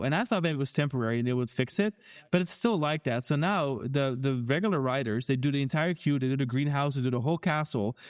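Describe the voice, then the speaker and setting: A man co-hosting a theme park podcast, talking in a casual, animated and critical way with frequent restarts. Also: mid-range voice. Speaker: podcast co-host.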